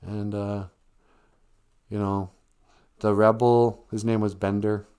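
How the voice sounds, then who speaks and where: A man's voice: lowish voice, flat delivery, slow pace, darkish tone, clear, resonant tone. A man hosting a livestream, retelling a story in a rambling, joking, conversational way. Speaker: livestream host. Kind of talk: casual storytelling.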